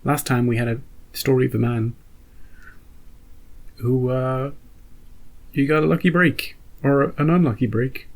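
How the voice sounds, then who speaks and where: A man hosting a reaction video, rambling and joking with animated outbursts in casual commentary. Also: medium pitch, a little slow, pauses often.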